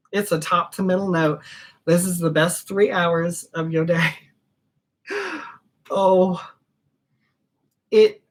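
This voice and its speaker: A middle-aged woman with a low, unhurried voice walks through a perfume formula in a casual tutorial. She talks warmly and emotionally about each ingredient, wanders off on tangents, and spells names out letter by letter. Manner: gushing, emotional, chatty and digressive. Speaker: perfumer teaching fragrance blending. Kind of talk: casual home-studio tutorial.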